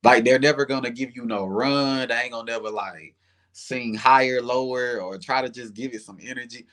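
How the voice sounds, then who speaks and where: A man's voice: mid-range voice, fairly even intonation, normal speed, a bit bright. A young man with a Southern accent, chatting animatedly as a singer guest in an interview, with lots of "like" fillers. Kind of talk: casual interview chat.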